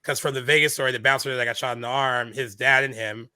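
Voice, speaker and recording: A man's voice: mid-range voice, fast, no room sound. A man co-hosting a casual movie podcast, retelling scenes with lots of fillers and acted-out quotes. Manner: animated retelling, acts out lines in quoted voices. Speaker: podcast co-host.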